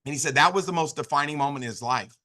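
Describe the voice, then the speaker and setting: Fast, bright-voiced motivational man. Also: fairly high pitch. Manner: animated, with frequent restarts and filler phrases. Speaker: business opportunity speaker. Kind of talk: motivational storytelling talk.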